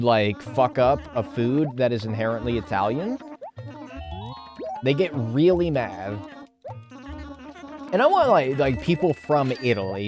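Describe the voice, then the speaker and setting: A man streaming a game, reading chat aloud and riffing on it with casual swearing. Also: medium pitch.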